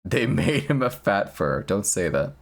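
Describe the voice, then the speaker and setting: A man's voice: lowish voice, very animated, a little slow, vocal fry. A young man streaming a game, chatting casually in a rambling, crude, jokey way and laughing often. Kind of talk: casual gameplay chat.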